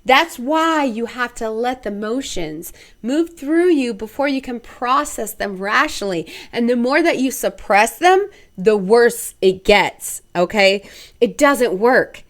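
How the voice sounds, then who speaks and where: Blunt, slow-talking woman podcaster. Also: on the high side. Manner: blunt and expressive, swears freely, acts out inner voices. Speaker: podcast host. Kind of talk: casual solo podcast monologue.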